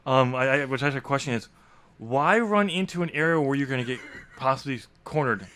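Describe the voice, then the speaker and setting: A man hosting a podcast in a teasing, sarcastic tone, with lots of ums and hesitations. His voice sits in a middle pitch, and the recording is dry and close. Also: expressive, fairly quick, fairly bright tone, clear, resonant tone, dry recording. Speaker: podcast host and author. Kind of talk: casual banter.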